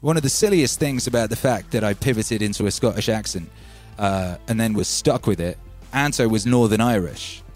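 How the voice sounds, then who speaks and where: A man hosting a relaxed livestream, rambling and reading out chat names. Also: on the low side, normal speed, hardly any pauses. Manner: laid-back, rambling, calls listeners baby. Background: faint music.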